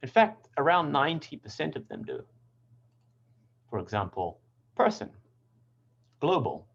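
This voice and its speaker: Lively-voiced man teaching pronunciation. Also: a little high, dull audio. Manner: clear, deliberate word demonstrations. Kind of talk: scripted lesson narration.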